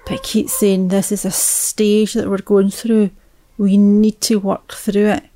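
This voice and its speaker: A woman, a mother, telling a personal story in a reflective way, often dropping to a hushed whisper. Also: mid-range voice, flat delivery, measured pace.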